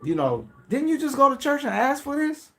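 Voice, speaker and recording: A man's voice: very high voice, sing-song, moderate pace, a bit bright. A man hosting a podcast, talking in a casual, profane monologue that swings between mocking pleading voices and blunt asides. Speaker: podcast host.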